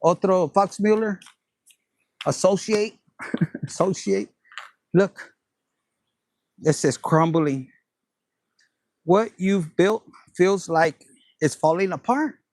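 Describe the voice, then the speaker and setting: A man's voice: high-pitched, slow pace, pauses often, darkish tone, no echo. A man giving a casual tarot reading, playful and profane, dropping Spanish phrases. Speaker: tarot reader.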